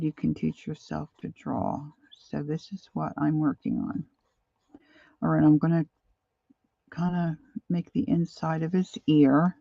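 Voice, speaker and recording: A middle-aged woman chatting casually and self-deprecatingly while she draws, halting with fillers as she works. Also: low-pitched, creaky, mellow, no room sound, lo-fi sound. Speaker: art journaling vlogger. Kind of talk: casual live drawing chat.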